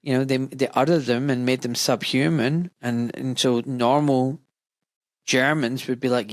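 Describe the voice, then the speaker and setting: A man's voice: medium pitch, steady tone, a little slow, dry recording. A man hosting a podcast interview, talking with passion and building rhetorical arguments. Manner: impassioned, rhetorical, mimics voices of others. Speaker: podcast host.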